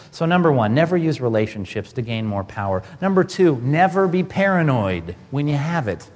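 A man's voice: on the high side, big-room sound. A pastor giving a conversational sermon, asking rhetorical questions as he preaches.

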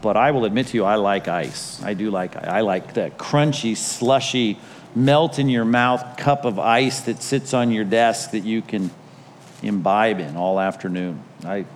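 A man's voice: fairly low pitch, a little slow, slight background noise. A male pastor delivering a Sunday sermon, telling stories in a conversational way with self-deprecating humor. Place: large church hall. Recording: reverberant hall, faint ambience.

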